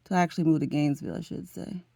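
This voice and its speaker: Middle-aged woman vlogger, low and gravelly, very talkative, close dry sound. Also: fairly even intonation, rapid-fire, mellow, no room sound. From Florida. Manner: chatty and emotional, often says "honey" and "y'all". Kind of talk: casual chat to camera.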